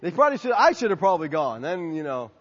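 Speaking fast in a fairly high voice, a pastor answers a question from his congregation in a sermon Q&A. He tells lively stories and acts out both sides of the conversations. The sound is dull, with a long hall reverb.

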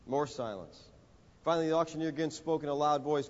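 A man preaching a sermon, telling a story and building to emphatic, rising lines with dramatic pauses. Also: on the high side, steady tone. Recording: dull audio in a reverberant hall.

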